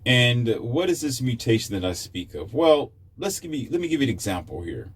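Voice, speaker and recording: Male commentator, preachy lecturing delivery, mid-pitched. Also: very animated, brisk, husky. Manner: lecturing, preachy, addresses listeners. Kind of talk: opinion monologue.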